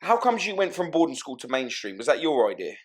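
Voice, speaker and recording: A man, hosting a podcast and asking slow, careful interview questions. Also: fairly high pitch, very animated. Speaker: podcast host.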